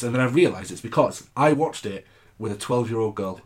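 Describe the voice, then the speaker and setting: A man's voice: mid-range voice, animated, fast talker. A man, co-hosting a podcast in casual chat, blunt and teasing. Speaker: podcast co-host.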